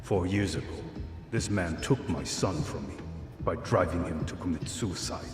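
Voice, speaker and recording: A man's voice: sits low, normal speed, over music, natural voice. A man voicing a grim, vengeful middle-aged father in a somber tone, heard in a game cutscene. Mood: bitter. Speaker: grieving father. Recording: echoey distant reverb.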